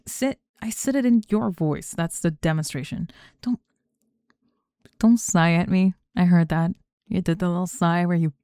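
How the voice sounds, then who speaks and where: A controlling student who runs the group project and won't let anything slide, as a young woman acts her out in a role-play monologue. Her voice sits low and mellow, with a dry, close sound and no room around it. She talks in clipped, sarcastic, exacting turns. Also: dry recording, natural voice. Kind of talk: scripted one-sided role-play monologue.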